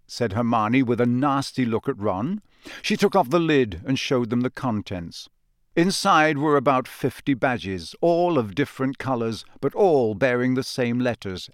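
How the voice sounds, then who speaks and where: A man narrating an audiobook with clear, expressive storytelling. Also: mid-range voice, a little slow, no echo, studio quality. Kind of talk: scripted narration.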